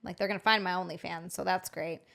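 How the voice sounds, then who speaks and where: Young woman host with a gravelly voice, chatty and quick to laugh. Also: fairly low pitch, steady tone, a bit bright. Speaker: podcast host. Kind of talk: casual podcast chat.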